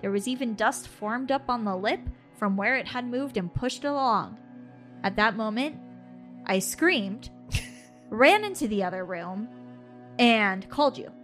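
A woman telling a story in a slightly high voice, animated and quick to laugh. She acts out her own past lines as she tells it. Faint music plays softly underneath. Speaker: podcast co-host. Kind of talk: casual storytelling chat.

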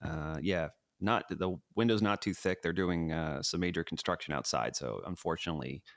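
A man's voice: sits low, moderate pace, dry recording, studio quality. A man co-hosting a casual sports podcast from his living room, rambling and hedging with lots of fillers. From New York City. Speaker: podcast co-host.

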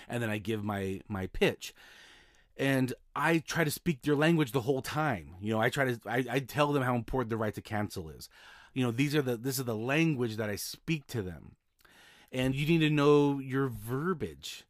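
A man from Utah hosts a solo podcast and talks casually about his job as a mobile notary, often repeating and restarting words. His mid-range voice moves briskly, and the recording is studio quality with no echo.

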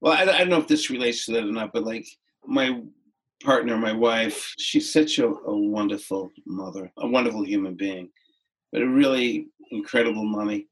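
A middle-aged man appears as a podcast guest, gently and unhurriedly sharing a personal story with reflective pauses and restarts. His voice sits fairly low, and the recording is rough.

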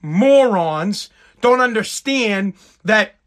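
Sarcasm and mockery run through this profane live-stream rant from a man in the United States. His voice is unusually high, sharp and bright, and he stretches his words out expressively.

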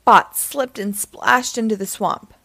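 A woman storyteller reading a children's book aloud in a gentle, expressive way on a close microphone. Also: a little high, takes it slowly, creaky, no room sound.

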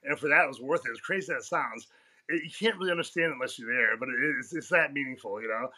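A man's voice: mid-range voice, quick pace, bright, forceful tone. A man being interviewed on a podcast as a guest coach, telling stories casually. He swears freely and laughs often. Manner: profane, laughs often, tells stories in a rush.

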